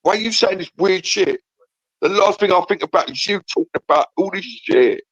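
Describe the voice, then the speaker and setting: A man's voice: high-pitched, a little fast, a bit bright, slightly rough, dry recording, lo-fi sound. A man arguing angrily on a call-in show, hurling insults and repeating himself. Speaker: caller. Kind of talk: heated argument on a call-in show.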